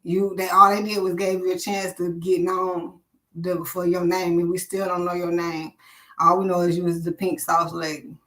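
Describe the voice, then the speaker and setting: A woman's voice: fairly low pitch, level tone, moderate pace, a bit bright. A woman hosting a live stream, ranting bluntly and preachily with lots of swearing.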